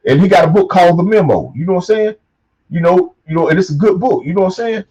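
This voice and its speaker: A man hosting his own show, delivering a loose motivational monologue, swearing a lot and repeating catchphrases, punching key lines loudly. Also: high voice, animated, fast talker, husky, dull audio. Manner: preachy, swearing, repeats "you know what I'm saying", punches lines loudly. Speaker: show host.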